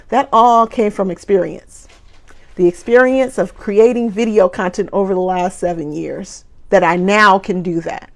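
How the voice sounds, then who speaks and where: A woman's voice: mid-range voice, moderate pace. A woman coaching viewers on video confidence in an emphatic, motivational talk, repeating key phrases for emphasis.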